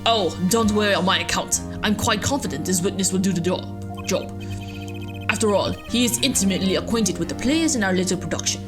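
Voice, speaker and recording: A woman voicing a smug young male prosecutor who talks in a smooth, theatrical way. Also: mid-range voice, a little fast, over music, natural voice.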